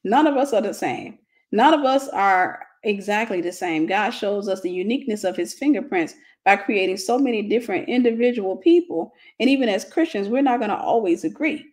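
A woman's voice: medium pitch, lively intonation, a little fast, darkish tone. Blunt, joking woman teacher. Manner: blunt, humorous, colloquial. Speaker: Christian relationship teacher. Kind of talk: casual teaching talk.

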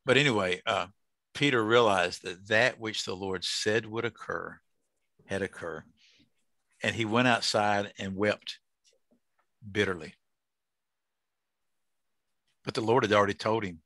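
A folksy older man with a drawl leads a Bible study, tossing questions to his group. His voice sits low and comes across bright and forceful, close and dry with no room echo. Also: unhurried, long pauses. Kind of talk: casual Bible study teaching.

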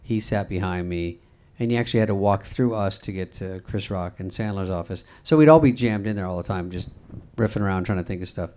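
A man's voice: low-pitched, a little fast, mellow. A man telling a casual, wry anecdote as a panel guest at a conference. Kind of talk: casual storytelling on stage. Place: conference stage.

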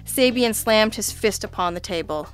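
A woman's voice: mid-range voice, expressive, moderate pace, faint music behind. Woman narrating a dry, hard-boiled story. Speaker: audiobook narrator. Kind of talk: first-person scripted narration of a radio-noir story.

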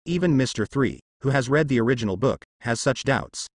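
A man narrating a translated fan-fiction story at a steady, even reading pace. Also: mid-range voice, fairly quick, no room sound, clean studio sound.

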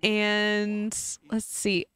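A woman's voice: medium pitch, monotone, very slow, fairly bright tone. A young woman casually chatting and giggling as she narrates her life-sim game for her channel. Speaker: gaming YouTuber. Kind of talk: casual Let's Play commentary.

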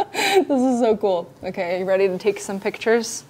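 A woman's voice: mid-range voice, sing-song, moderate pace, a little mellow. A young woman hosting a casual livestream from a home kitchen, giggling often and reading viewer comments aloud. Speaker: livestream host.

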